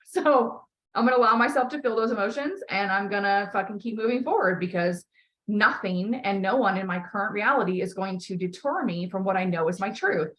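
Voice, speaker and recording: A woman's voice: medium pitch, brisk, fairly bright tone, low-quality recording. A woman podcast host coaching a guest in a candid conversation, talking emphatically with frequent swearing and strong emotion.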